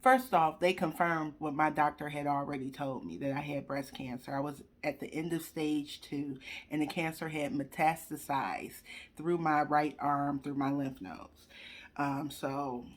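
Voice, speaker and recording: A woman's voice: low-pitched, fairly even intonation, unhurried. A young woman talking to viewers at her computer, telling a personal story while trying not to cry. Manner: chatty, addresses viewers directly; fighting back tears. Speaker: vlogger sharing a personal story. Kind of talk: emotional personal testimony. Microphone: computer webcam.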